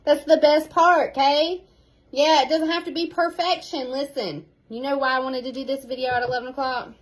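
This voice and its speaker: A woman, a sales team leader giving an animated, casual pep talk at home, repeating key phrases for emphasis. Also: sits high, moderate pace, low-quality recording.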